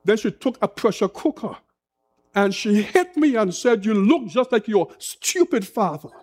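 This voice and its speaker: A man preaching a sermon as pastor, slow and impassioned with dramatic pauses. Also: sits high, animated, darkish tone.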